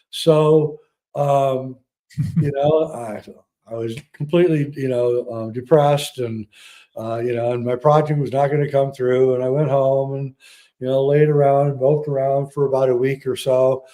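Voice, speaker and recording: A man, a guest on a podcast, telling a long personal story in a casual, halting way with many fillers and restarts. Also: medium pitch, steady tone, warm tone.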